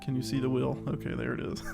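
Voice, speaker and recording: A man's voice: medium pitch, completely flat delivery, quick pace, gravelly. A man co-hosting a casual online chat show, rambling and upbeat, a little out of breath, with music playing underneath. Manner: rambling, self-aware, upbeat. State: slightly out of breath. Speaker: podcast co-host.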